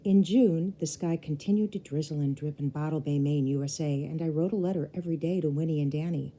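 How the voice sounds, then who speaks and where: Husky, dark-toned woman reading to children. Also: low-pitched, a little fast, poor audio. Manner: expressive, talks to young listeners. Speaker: storybook reader. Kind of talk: reading a children's novel aloud.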